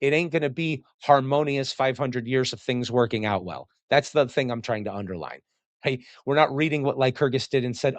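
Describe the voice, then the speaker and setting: A man talks through an ancient text in a loose, chatty way, often laughing and breaking into teasing put-on voices. His voice sits at a middling pitch. The sound is close and dry, with no room around it. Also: a little fast, no echo. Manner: chatty and digressive, laughs often, acts out quotes in mocking voices. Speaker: host reading and commenting on classics. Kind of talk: casual commentary on a read text.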